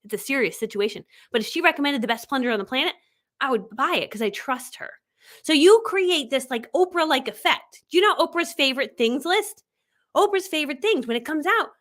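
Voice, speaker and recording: A woman in her forties coaching viewers on a livestream. Her voice sits high and swoops with lively animation. She is chatty and enthusiastic, laughing as she acts out little quoted exchanges. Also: brisk. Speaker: online business coach. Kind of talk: live-streamed coaching talk.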